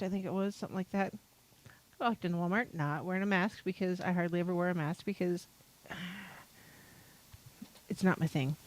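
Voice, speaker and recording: A woman's voice: fairly low pitch, darkish tone, low-quality recording. A woman from North Idaho hosting a podcast, chatting casually and rambling with exasperation and many fillers. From North Idaho, United States. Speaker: podcast host. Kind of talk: casual chat.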